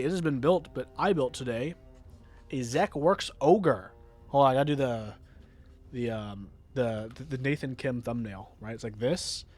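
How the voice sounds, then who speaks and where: A man's voice: mid-range voice, darkish tone. An American man chatting casually on a livestream, often restarting his sentences and answering chat. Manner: rambling, many restarts, reads chat aloud. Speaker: streamer. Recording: faint music in background.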